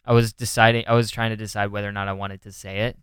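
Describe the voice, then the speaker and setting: A young man from Northern California, a comedian co-hosting a podcast, chatting in a loose, rambling way. He keeps restarting and acting out what people said. His voice is very smooth and resonant, and it sounds dry and close. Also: lowish voice, little pitch movement, fast, a bit bright, no echo. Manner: rambling, lots of "like" and restarts, acts out quotes. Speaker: podcast co-host; stand-up comedian. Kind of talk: casual chat.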